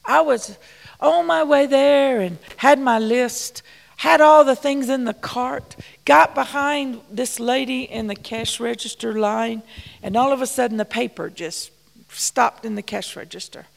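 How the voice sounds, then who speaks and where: A woman's voice: fairly high pitch, measured pace, gravelly, in a large hall. A woman preaching in a folksy, storytelling way, dropping at times to near-whispers. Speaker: church missions speaker. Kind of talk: storytelling sermon.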